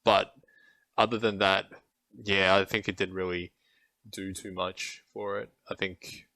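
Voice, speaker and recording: A man on a podcast giving his opinions on a film in a measured way, with hesitant fillers. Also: low-pitched, level tone, pushed and bright, no room sound. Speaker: podcast co-host. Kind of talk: casual film review chat.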